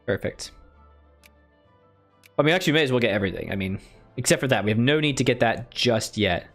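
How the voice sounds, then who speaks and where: A man's voice: medium pitch, animated, fast talker, a bit bright. Man, let's player, mumbles his moves aloud, self-deprecating, faint music under the voice. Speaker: strategy game let's player. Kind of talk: casual gameplay commentary.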